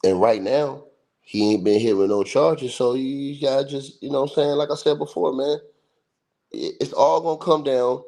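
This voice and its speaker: A man's voice: medium pitch, normal speed, creaky, mellow. A man hosting a livestream, giving casual sports commentary in an emphatic, slangy, repetitive way. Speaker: livestream host. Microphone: livestream mic.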